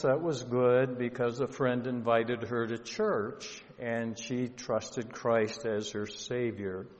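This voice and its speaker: A male pastor telling a story in a sermon, slow and earnest, with emotion rising at times. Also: lowish voice. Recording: dull lo-fi sound with long hall reverb.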